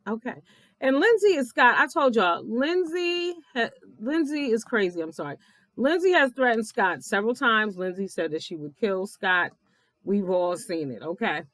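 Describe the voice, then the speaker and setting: Blunt, animated woman recapping TV. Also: on the high side, normal speed, no room sound. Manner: blunt, animated, profane, laughs often. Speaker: reality TV recap vlogger. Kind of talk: casual episode recap commentary.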